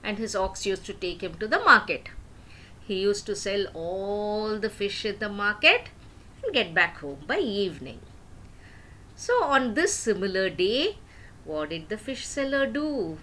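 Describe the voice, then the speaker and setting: An older woman telling a tale to children in a slow, unhurried way, her pitch rising and falling with lively swings. Her voice is bright and clear, and she keeps turning to her listeners with questions. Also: low-quality recording. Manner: asks the young listeners questions. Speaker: storyteller. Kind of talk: storytelling for children.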